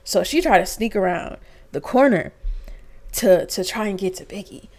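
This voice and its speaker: Animated young woman reviewing reality TV. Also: mid-range voice, normal speed. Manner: animated, profane, acts out quotes in exaggerated voices. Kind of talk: casual episode review. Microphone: computer mic.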